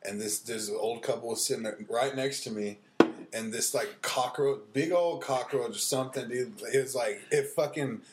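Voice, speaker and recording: A man's voice: medium pitch, moderate pace, noisy background. Man, podcast co-host, rambling, says dude, roomy echo. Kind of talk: casual chat.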